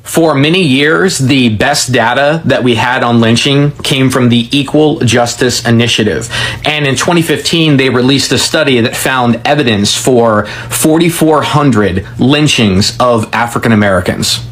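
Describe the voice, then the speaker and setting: A man presenting history commentary in a measured, explanatory way. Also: medium pitch, fairly bright tone. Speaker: history educator. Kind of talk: scripted commentary.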